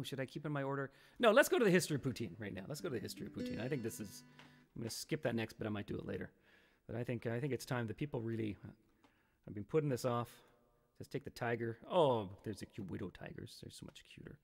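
Playful rambling male streamer, lively pitch. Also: creaky. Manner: rambling, playful, reads chat aloud. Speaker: livestream host. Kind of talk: casual livestream chat with viewers. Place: home studio in Kingston, Ontario. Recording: long reverb.

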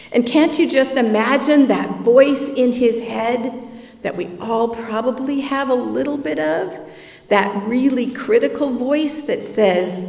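A woman's voice: fairly high pitch, a little slow, vocal fry, darkish tone. A woman pastor preaching a sermon in a reflective, conversational way. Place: church sanctuary. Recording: echoey church hall, from far off.

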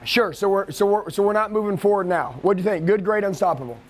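A man's voice: sits high, fast, slight background noise. Fired-up, foul-mouthed sales trainer, man. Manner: profane, aggressive, hyped-up lecturing. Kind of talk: live sales training seminar. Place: training room with an audience.

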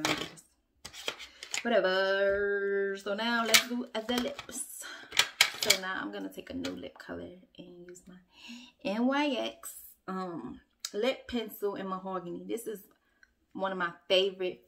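A woman filming a relaxed get-ready-with-me at home, chatting straight to her viewers and poking fun at her own slip-ups. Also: medium pitch. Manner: chatty and self-mocking, talks straight to viewers. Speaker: beauty vlogger and mother. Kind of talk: casual get-ready-with-me chat. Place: at home, upstairs room.

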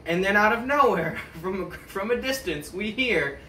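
A man's voice: high voice, unhurried, few pauses, a little hiss or hum. Teen guy telling a funny story in a hall. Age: teens. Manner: animated, breaks into laughter. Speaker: talent show performer. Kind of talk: comic storytelling. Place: school auditorium stage. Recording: roomy hall, mic at a distance.

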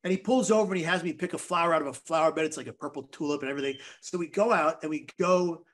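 A man's voice: a little high, racing, fairly bright tone. A man guest on a podcast, telling a personal story in an earnest, vivid way.

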